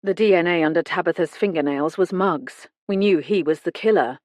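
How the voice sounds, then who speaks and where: A woman voicing a male police detective who speaks in a calm, matter-of-fact way in an audiobook. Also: on the low side, fairly quick, dry recording, studio quality, lightly acted.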